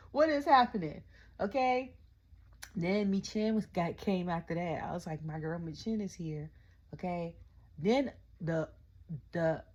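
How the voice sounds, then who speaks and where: A young adult woman, ranting casually about a wrestling event, telling it in animated quotes and often asking "okay?". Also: on the low side, muffled recording. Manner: animated storytelling, quotes her own reactions, frequent "okay?". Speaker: wrestling review vlogger. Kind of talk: casual rant.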